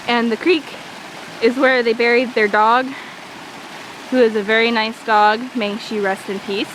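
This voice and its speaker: A teenage girl vlogging as she walks through a forest outdoors, chatty and self-mocking, with jokey asides, filmed on a handheld device. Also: fairly high pitch. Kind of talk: walking tour vlog. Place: small forest by a creek, outdoors on a windy day. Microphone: handheld iPod camera. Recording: wind noise and a rushing creek.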